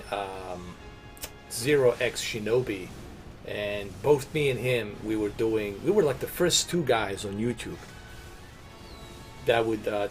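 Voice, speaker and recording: A middle-aged man streaming games, chatting casually and rambling, with lots of "dude" and "man". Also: mid-range voice. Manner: rambling, laid-back, says dude and man a lot. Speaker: gaming streamer. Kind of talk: casual game-stream chat.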